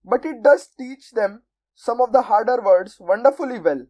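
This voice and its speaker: A woman reading a storybook aloud, voicing a kind young teacher who speaks softly and pleads for a pupil. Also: fairly high pitch, expressive, moderate pace, muffled recording. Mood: pleading. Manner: soft-spoken, pleading.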